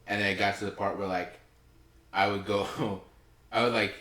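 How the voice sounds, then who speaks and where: A young man co-hosting a podcast, rambling quickly with lots of likes. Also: fairly low pitch, flat delivery, a bit bright. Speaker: podcast co-host. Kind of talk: casual chat. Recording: echoey room, mic at a distance.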